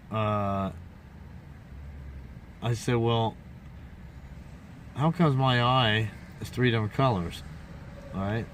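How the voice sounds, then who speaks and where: A man's voice: lowish voice, slight background noise. A man casually telling a rambling, folksy story to his viewers, full of restarts and asides. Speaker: vlogger.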